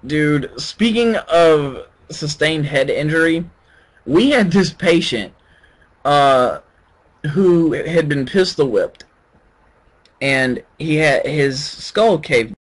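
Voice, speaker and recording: Brief: man with a fairly high voice, reading posts aloud to friends on a voice chat, joking around. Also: lively intonation, takes it slowly. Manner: joking, laughs often while reading. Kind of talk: casual voice chat among friends.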